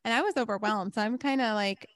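Woman co-host, even low-key tone, fairly high voice, dry close mic. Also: fast, no room sound. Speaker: podcast co-host. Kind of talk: casual chat.

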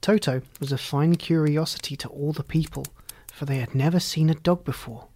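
Hushed, half-whispered storybook narrator, dry close sound. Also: medium pitch, fairly even intonation, no room sound. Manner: soft and hushed, often half-whispered, unhurried. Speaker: audiobook reader.

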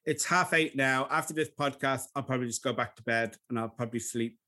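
A man's voice: mid-range voice, brisk. A man co-hosting a podcast in casual, jokey chat. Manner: deadpan, jokey, laughs a lot. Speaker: podcast co-host.

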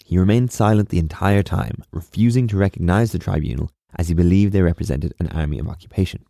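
A man hosts a history podcast in a low, mellow voice, and the recording is close and completely dry. He reads from a script but keeps it casual and wry, dropping in sarcastic asides. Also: fast, creaky, no echo. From Ireland.

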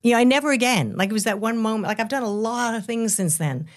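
A woman's voice: on the high side, fast talker. A woman in her seventies, a guest in an interview, talking candidly in a rambling, storytelling way. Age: 70s. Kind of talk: casual interview.

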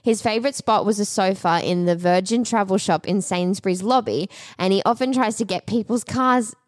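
A woman co-hosting a chatty podcast, reading out quirky news items in a relaxed way. She giggles often and trips over words now and then. Her voice is mid-pitched and dry, with little room sound around it. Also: normal speed, no echo. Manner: giggly, reads with stumbles and laughs. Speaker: podcast co-host. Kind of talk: casual chat, reading out news stories.

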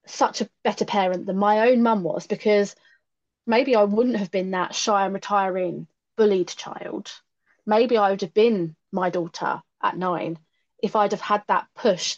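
A woman in her late thirties speaks candidly as a podcast guest, reflective and frank with a self-mocking streak. Her pitch is an ordinary middle, and the slightly dull, lo-fi audio sounds like a remote call.

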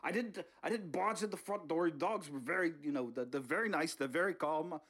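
Comedy bit: man doing a husky, rambling old politician. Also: on the high side, brisk, fairly bright tone, voice pushed up. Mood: pleading. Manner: rambling, stammering, repeats words. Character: brash older male politician sneaking into a house.

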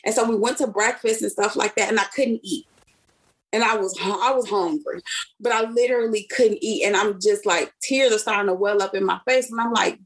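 A woman's voice: medium pitch, fairly quick, slightly rough. A young woman from Chicago casually telling a personal story, acting out the voices of the people she quotes. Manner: animated storyteller who acts out quoted speech. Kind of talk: casual chat.

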